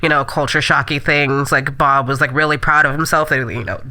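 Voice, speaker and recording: A woman's voice: low-pitched, steady tone, fairly quick, bright, forceful tone. A woman comedian chatting as a podcast guest, filling her talk with repeated yeahs and ums. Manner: chatty, lots of "yeah yeah" and fillers. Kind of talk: casual podcast chat.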